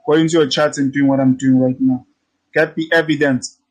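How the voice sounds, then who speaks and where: A man's voice: mid-range voice, level tone, moderate pace, poor audio. A man teaching trading in a casual walkthrough, brash and teasing, repeating his points and swearing freely. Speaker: trading instructor. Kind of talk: casual screen-share tutorial.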